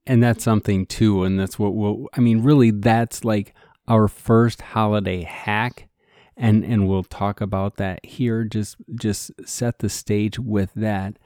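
A man's voice: lowish voice, steady tone, measured pace, darkish tone, no room sound, clean studio sound. A man co-hosting a casual podcast, chatty and earnest, talking straight to his listeners. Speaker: podcast co-host.

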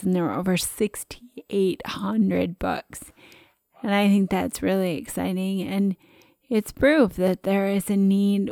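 A woman co-host talking in a chatty, animated way, often breaking into laughter. Her voice has a noticeable gravelly fry. The sound is dry and close to the mic. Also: medium pitch, no echo. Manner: chatty and expressive, with frequent laughs. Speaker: podcast co-host. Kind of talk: casual conversation.

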